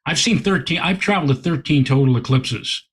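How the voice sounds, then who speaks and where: A man, a guest astronomer, telling an animated anecdote in an interview and repeating words as he goes. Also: fairly high pitch, a little fast, husky.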